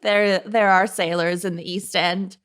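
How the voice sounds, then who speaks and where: A woman's voice: medium pitch, fairly even intonation, a little slow, a crowd in the background. A woman co-hosting a chatty podcast with friends, laughing often and talking in an easygoing way. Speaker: podcast co-host. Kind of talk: casual chat.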